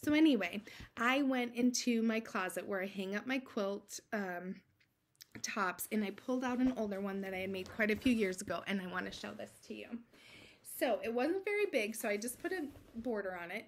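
A woman's voice: on the high side, slight background noise. A woman in her thirties chatting to camera about her quilting, self-deprecating and laughing often. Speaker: quilting vlogger. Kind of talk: casual chat to camera.

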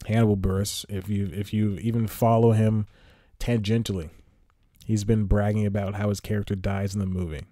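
Podcast guy ranting about a movie, rambly and fed up, lowish voice, dry close sound. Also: flat delivery, normal speed, dark tone, no echo. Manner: rambling, exasperated, going off on tangents with sighs. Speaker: podcast host. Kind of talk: rambling solo movie review chat.

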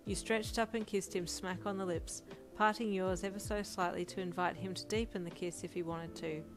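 A woman's voice: on the low side, fairly even intonation, moderate pace. Woman narrating a fanfic over music. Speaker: audiobook narrator. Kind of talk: second-person fanfic narration.

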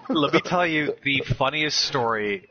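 A man's voice: on the high side, unhurried. A man casually telling a story, laughing often and acting out other people's lines. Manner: animated, laughs often, acts out customers' lines. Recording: slightly dull lo-fi audio with faint background noise.

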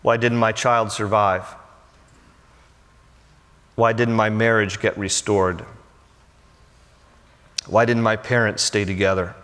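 A man, a pastor, delivering a sermon and telling stories with lively, acted-out quotes. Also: on the low side, slow, pauses often. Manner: animated storytelling, acting out quoted voices. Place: large church sanctuary. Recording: church hall reverb.

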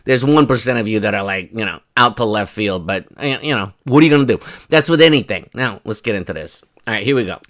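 Male vlog host with a bright, forceful voice, rambling casual chat to viewers. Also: fairly low pitch, quick pace, hardly any pauses. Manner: chatty, rambling, mocking asides. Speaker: commentary channel host.

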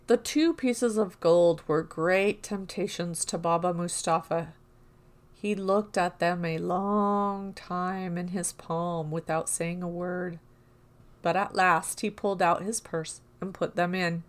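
A woman narrating a classic folk tale in a calm, even storybook reading. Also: fairly low pitch, takes it slowly.

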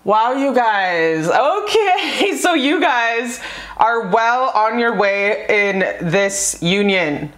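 A woman's voice: mid-range voice, animated, slow pace, fairly bright tone. A woman reading tarot cards for her viewers in a casual vlog, gushing and swearing freely as she talks. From North America. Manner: bubbly, profane, gushing. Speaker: tarot reader. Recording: echoey room.

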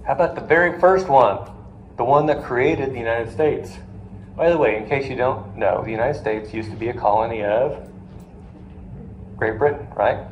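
A man teaching finance to a live class, telling stories and quizzing the students as he goes. His voice sits at an ordinary middle pitch and rings around a roomy classroom. A faint hum of noise runs underneath. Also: muffled recording. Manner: storytelling, asks the class questions, jokey asides. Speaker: finance lecturer.

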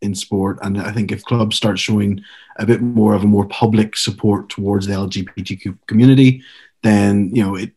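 A man with a Northern Irish accent, co-hosting a podcast in a measured, hopeful way. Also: on the low side, steady tone, mellow, slightly rough. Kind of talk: casual podcast conversation.

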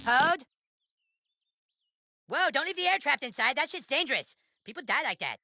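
A man's voice: extremely high pitch, big pitch swings, moderate pace, vocal fry, no echo, clean studio sound, heavily acted. An actor playing a crude, bossy young boy acting as a mock-solemn fantasy mentor in a video game. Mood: coaching. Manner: mock-solemn, foul-mouthed. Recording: game audio with loud music.

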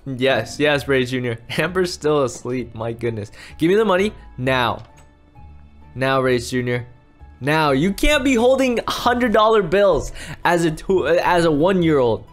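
A man playing himself in a comedic Minecraft roleplay, excitable and quick to exclaim and yell. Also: fairly high pitch. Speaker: roleplay series creator and lead player.

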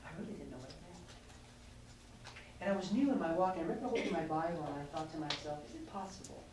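A man's voice: fairly high pitch, fast, darkish tone. A man, a pastor, preaching a sermon in a candid, self-mocking storytelling manner, with asides to the congregation. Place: large hall at a youth conference. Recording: echoey hall with distant mic and noise.

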